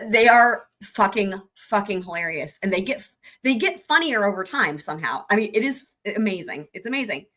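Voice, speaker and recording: A woman's voice: medium pitch, sharp tone. A woman hosting a livestream, giggly and profane as she rambles in casual commentary. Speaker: livestream host. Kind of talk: casual commentary on trial clips.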